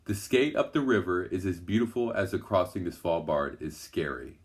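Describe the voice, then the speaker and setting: A man reading a children's adventure story aloud in a gentle, even storytelling manner. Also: low-pitched, normal speed, few pauses. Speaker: storybook narrator.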